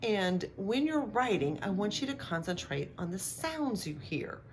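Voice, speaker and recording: A middle-aged woman teaching a remote phonics lesson to young children, speaking slowly and clearly with encouraging sound-outs. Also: medium pitch, sing-song, background noise. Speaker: kindergarten teacher.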